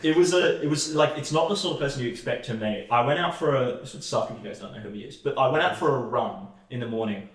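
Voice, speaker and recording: A man's voice: mid-range voice, fast talker, hardly any pauses. A young man co-hosting a podcast, telling a story in casual chat with lots of fillers and restarts. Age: young adult. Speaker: podcast co-host. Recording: echoey room.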